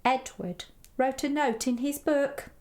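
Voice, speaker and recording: A woman reading a children's story aloud, gentle and expressive, playfully voicing the animal sounds. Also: sits high, slow pace.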